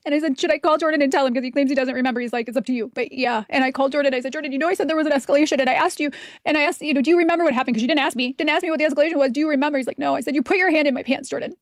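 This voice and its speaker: Rapid high-voiced woman, gravelly and dry. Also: no echo. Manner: rapid, emotional retelling. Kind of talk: personal account in a clip.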